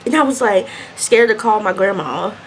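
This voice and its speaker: A young adult woman vlogger chatting through a mukbang storytime, telling her story in an animated, chatty way between bites. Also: medium pitch, moderate pace, slight background noise.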